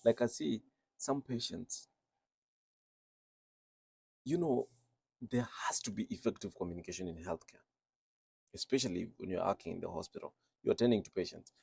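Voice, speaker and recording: A registered nurse, not a native English speaker, talks earnestly about speaking with an accent, repeating phrases to drive them home. His voice is lowish, a little mellow and husky, with vocal fry. He keeps a moderate pace broken by long pauses.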